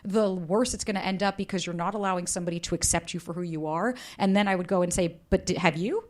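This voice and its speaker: A woman dating coach speaking as a podcast guest, telling stories in a lively way, acting out quotes and swearing freely. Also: fairly low pitch, fast talker. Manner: animated storyteller, acts out quotes, swears freely. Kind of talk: candid podcast interview.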